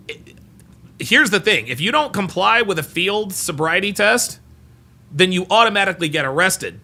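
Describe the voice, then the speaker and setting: A man's voice: high-pitched, bright, forceful tone. A man hosting a live podcast, reacting casually and reading viewer comments aloud. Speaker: podcast host.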